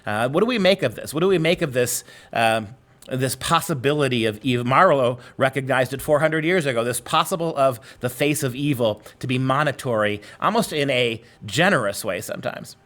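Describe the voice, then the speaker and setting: A man with a mid-range voice talks like a professor in conversation. He explains with animated, thoughtful energy, moving easily between ideas. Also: medium pitch, brisk. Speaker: literature professor. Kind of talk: conversational discussion.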